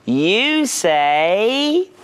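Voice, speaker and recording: A man's voice: high voice, sing-song, drawn-out words, smooth. Playful man telling a children's story. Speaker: children's TV presenter. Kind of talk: storytelling to preschoolers.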